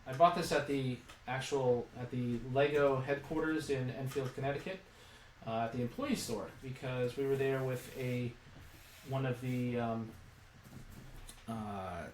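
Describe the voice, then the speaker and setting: Speaking at a measured pace in a medium pitch, this man rambles through a toy set build in casual live commentary, thinking out loud with many fillers and false starts. The indoor recording has room echo, a faraway mic, and a low hum.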